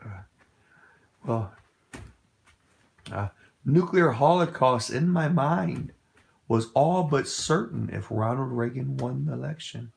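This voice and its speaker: A man's voice: mid-range voice, expressive, slow, creaky, long pauses. A middle-aged man from the United States giving an impassioned political talk, telling a long story in a rambling, emphatic, hesitant way. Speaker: political speaker.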